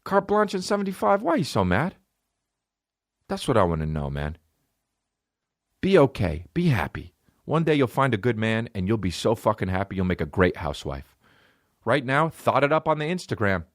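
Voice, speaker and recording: A male comedian riffs through a loose, swearing monologue, his pitch bouncing up and down with lively swings. He is close on a podcast mic with a dry, dead sound and no room around him. Fillers and restarts pile up as he talks. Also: moderate pace, dry recording. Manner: profane, rambling, many fillers, jumps into mock voices.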